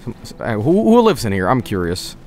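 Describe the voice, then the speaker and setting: A man's voice: lowish voice, wildly swooping pitch, fairly quick, a little mellow, a little hiss or hum. A young man streaming a game late at night, sleepy and rambling, with an itchy throat from hay allergy. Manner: rambling, drowsy, trailing off. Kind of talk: casual gameplay chat.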